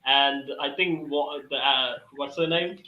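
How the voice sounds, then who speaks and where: A man's voice: mid-range voice, unhurried. A man on a panel giving rambling, hesitant opinions in a casual chat. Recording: dull, roomy lo-fi audio.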